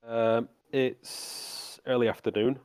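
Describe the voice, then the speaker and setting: A man narrating as game master of a tabletop game on a live stream, relaxed and halting with many restarts. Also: medium pitch, smooth, no room sound, studio quality.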